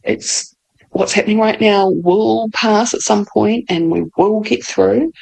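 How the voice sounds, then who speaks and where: A woman's voice: medium pitch, a little slow, creaky, darkish tone, low-quality recording. A woman giving casual advice in a chatty way, laughing often and peppering her talk with "like".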